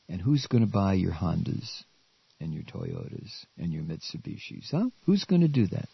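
A man's voice: low-pitched, huge pitch swings, moderate pace, gravelly, husky, no echo, lo-fi sound. Stammering man in an angry radio rant. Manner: angry, stammering, shouting outbursts. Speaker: radio talk host. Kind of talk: political rant.

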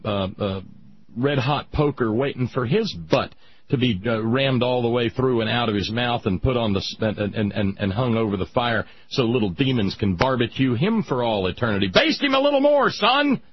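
A man's voice: medium pitch, highs cut off, a little hiss or hum. A man hosting a talk show, delivering a sarcastic, opinionated monologue. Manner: sarcastic, ranting, mocking voices.

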